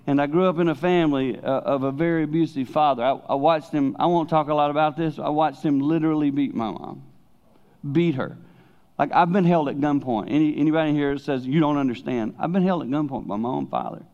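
A middle-aged man preaching a sermon in a conversational storytelling way. He drops to hushed tones to stress a point. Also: a little high, a little fast, lo-fi sound. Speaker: pastor and speaker.

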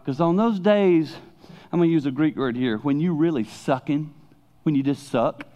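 A middle-aged man preaching a sermon in a conversational storytelling way. He drops to hushed tones to stress a point. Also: fairly high pitch, moderate pace, muffled recording. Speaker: pastor and speaker.

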